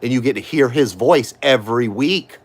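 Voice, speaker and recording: A man with a drawl rants into his phone from home, his voice sore and worn from an hour of screaming. He is confrontational and accusing, hammering the same name again and again. His pitch sits at an ordinary middle height. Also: moderate pace. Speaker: livestream host. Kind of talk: angry livestream rant. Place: at home, indoors.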